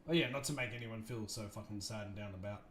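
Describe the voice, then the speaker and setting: A man hosting a livestream, chatting casually and thinking out loud, restarting his sentences often. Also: on the low side, fast talker, slight background noise. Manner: rambling, thoughtful, many restarts and fillers. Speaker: livestream host. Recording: roomy echo, faint music behind.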